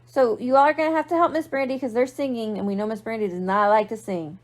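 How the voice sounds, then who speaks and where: A woman's voice: a little high, fairly even intonation, quick pace. A young woman librarian reading a picture book aloud to children, playful and asking them questions. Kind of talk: storytime read-aloud for kids.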